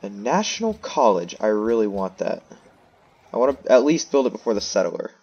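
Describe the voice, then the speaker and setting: A man's voice: fairly low pitch, big pitch swings, moderate pace, darkish tone, muffled recording. A man giving casual gameplay commentary, thinking aloud and making self-mocking asides. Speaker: let's play host.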